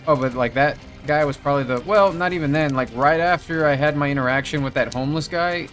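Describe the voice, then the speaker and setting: A man's voice: on the high side, fast talker, a bit bright, faint music behind. Rambling, swearing man telling a story. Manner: rambling storyteller, swears a lot, many fillers. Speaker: gameplay video host. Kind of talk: casual chat while playing a game.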